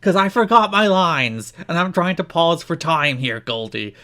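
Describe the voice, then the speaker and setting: A man's voice: on the high side, expressive, moderate pace, bright, forceful tone, pitched above the performer's own voice. A man voicing a flustered, pompous male wrestler who loses his train of thought and rambles grandly.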